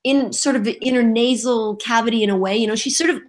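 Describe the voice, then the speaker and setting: A middle-aged woman, a voice actress guest on a podcast, telling lively stories and acting out voices and quotes in casual chat. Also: a little high, brisk, few pauses. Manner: lively storyteller who acts out voices and quotes.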